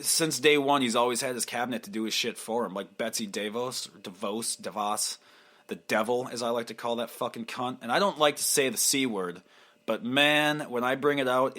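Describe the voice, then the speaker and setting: A man's voice: medium pitch, fairly bright tone. A young man hosting a solo podcast, rambling crudely with lots of swearing and laughter, slipping into mocking impressions. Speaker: podcast host.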